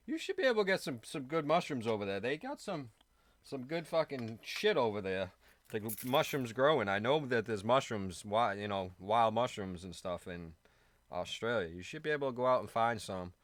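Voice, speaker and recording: A man's voice: medium pitch, sing-song, moderate pace, no echo. A man co-hosting a live online show, chatting in a laid-back way and laughing easily. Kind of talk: casual chat on a live stream.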